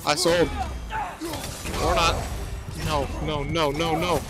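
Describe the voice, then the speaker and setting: A young man with a slightly high voice rants and swears at a game he is playing. He keeps up a running stream of exasperated commentary into a desk mic. Game music plays clearly behind him. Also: flat delivery, takes it slowly, low-quality recording. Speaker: gameplay streamer. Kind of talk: frustrated gameplay commentary.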